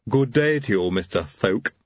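Storybook: man voicing a lisping, gloomy manservant, husky, deferential, dull lo-fi sound. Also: on the low side, animated, measured pace, no echo. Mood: dour, deferential. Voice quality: lisp. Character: grim male servant with a lisp, dour.

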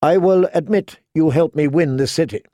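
A woman's voice: sits low, moderate pace, dark tone, dry recording, clean studio sound. A man voicing a stern, proud young queen with a firm, commanding delivery.

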